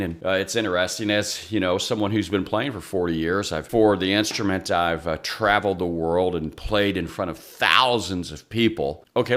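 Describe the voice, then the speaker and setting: Low-voiced chatty man. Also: a bit bright. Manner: chatty, self-deprecating, wry. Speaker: guitarist and channel host. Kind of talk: casual rambling vlog.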